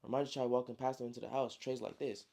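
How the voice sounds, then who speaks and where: A man's voice: medium pitch, fairly even intonation, fast talker, vocal fry, dark tone. A man casually retelling his own story like a friend, slangy and full of spoken sound effects. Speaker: storyteller, author.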